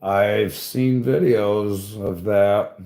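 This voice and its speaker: Brief: casual, profane man, low voice, unhurried rambling delivery, roomy echo on the recording. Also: steady tone, dark tone. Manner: profane, rambling storytelling with frequent "bro" and "dude". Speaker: tree climber talking to a live chat. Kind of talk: casual chat. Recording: echoey room.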